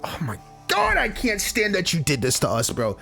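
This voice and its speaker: A young man reacting loudly to a visual novel, his voice jumping all over the place as he laughs and throws in slang. Background music plays faintly under his excitable commentary. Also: high voice, normal speed, vocal fry. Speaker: let's play streamer. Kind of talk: game commentary, reading dialogue aloud.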